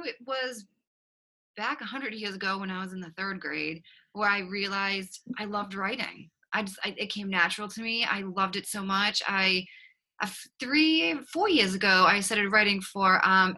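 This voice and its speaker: A woman with a Boston accent, a guest on a podcast speaking over a video call, excitable as she tells her own story. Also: medium pitch, moderate pace, rough recording. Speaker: guest, author and relationship coach. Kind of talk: conversational interview.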